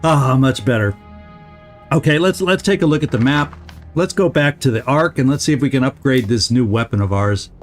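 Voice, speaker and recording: Male streamer, casual let's-play chatter, laughs a lot, mid-pitched, faint game music behind. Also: moderate pace. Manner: chatty, laughs often, talks to chat.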